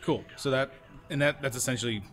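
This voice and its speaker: A man player chatting quickly and upbeat, full of fillers and restarts. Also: medium pitch, fairly bright tone, soft background music. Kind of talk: casual chat.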